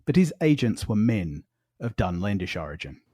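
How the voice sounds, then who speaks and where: A man with an Australian accent co-hosting a podcast, reading book passages in a measured way and chuckling often in casual discussion. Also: fairly low pitch, sing-song, dark tone, breathy edge, dry recording, clean studio sound. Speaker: podcast co-host.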